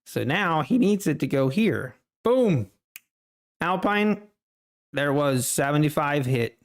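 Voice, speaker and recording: A man's voice: a little high, animated, moderate pace. A man hosting a live trading stream, chatting casually with viewers and laughing often. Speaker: livestream trading host.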